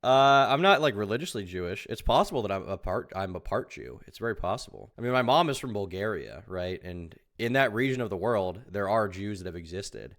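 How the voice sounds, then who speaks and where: A young man streaming, reacting to a podcast with rambling commentary and sudden loud outbursts. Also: lowish voice, lively intonation, brisk, few pauses. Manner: rambling, repeats himself, sudden loud bursts.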